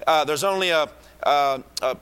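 A man preaching a sermon with fervor, crying out in praise and rising to shouts to drive points home. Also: a little high, moderate pace, smooth. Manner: fervent, with exclamations of praise.

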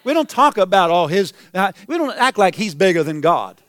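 A man preaching a sermon, his high voice smooth and clear. He rises to emphatic, repeated exclamations, heard close and dry with little room sound. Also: big pitch swings, normal speed, fairly bright tone, dry recording. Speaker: pastor.

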